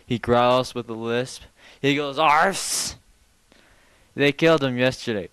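A man's voice: mid-range voice, steady tone, moderate pace, smooth, dry recording, close to an everyday voice, rough recording. A man doing a gossipy saber-toothed tiger. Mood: gossiping. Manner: chatty, conspiratorial storyteller. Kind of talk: comic stand-up routine.

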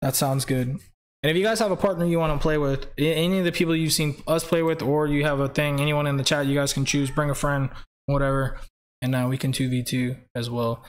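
Rambly guy streamer chatting with viewers, voice on the higher side. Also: steady tone, a little fast, slight background noise. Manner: rambling, chatty, reads out viewer names, laughs often. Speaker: game streamer host. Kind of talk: casual live-stream chat.

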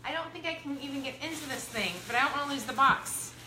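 A woman hosting a live unboxing from her home, bubbly and excited, greeting viewers by name. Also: high-pitched, fast. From Ohio, US. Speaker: product review livestream host. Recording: echoey room with background noise.

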